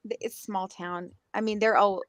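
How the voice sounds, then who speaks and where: A woman's voice: mid-range voice, fairly even intonation, moderate pace, no room sound. Lady podcast cohost, chatty, rambly, dry mic. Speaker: podcast co-host. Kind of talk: casual chat.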